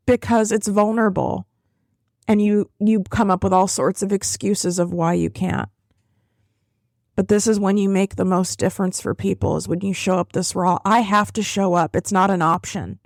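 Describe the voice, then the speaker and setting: A woman podcast host and business coach giving a blunt, profane, tearful motivational monologue, her voice jumping high on emphatic words. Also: steady tone, normal speed, a little mellow, dry recording, clean studio sound.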